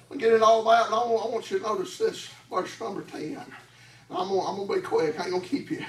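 High-voiced preacher shouting his sermon. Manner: chanted preaching, gasping "huh" after phrases; shouting, fervent. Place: church sanctuary. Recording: echoey, distant mic, congregation audible.

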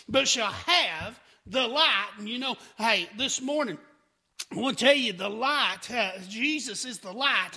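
A man's voice: very high-pitched, bright, forceful tone, slightly rough. A man preaching a fervent sermon, often breaking in with "hey" and restarting his sentences.

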